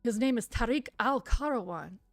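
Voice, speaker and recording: A woman's voice: fairly high pitch, animated, normal speed, no echo, soft background music, pitched above the performer's own voice. A woman voicing a police director giving a businesslike briefing over the radio in a game read aloud.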